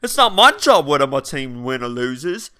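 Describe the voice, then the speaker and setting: A man's voice: mid-range voice, very animated, normal speed, bright, forceful tone. A young man giving casual, brash and crude game commentary, ranting and mocking other players. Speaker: gameplay commentator.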